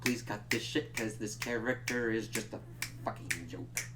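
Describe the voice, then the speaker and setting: A man casually recapping and reviewing a TV episode, swearing constantly and jumping into quick impressions of the characters. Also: lowish voice, heavy background noise. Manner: animated, swears a lot, mimics characters mid-recap.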